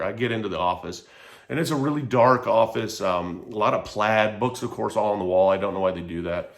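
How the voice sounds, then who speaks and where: A man's voice: fairly low pitch, brisk, gravelly. A man telling a personal story to camera in a casual, heated, profane way. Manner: heated, profane, animated retelling.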